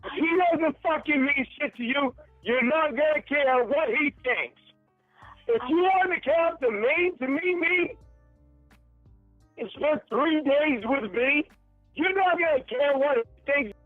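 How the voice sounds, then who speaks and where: A man's voice: extremely high pitch, measured pace, no echo, soft background music. An angry man on a phone call, accusing and swearing heavily, heard over a tinny phone line.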